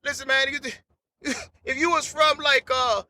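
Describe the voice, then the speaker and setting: Very high-voiced rambling comic man. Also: flat delivery, a little slow, bright, forceful tone. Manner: rambling, repetitive slangy storytelling. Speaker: podcast host. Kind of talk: unedited comedic monologue.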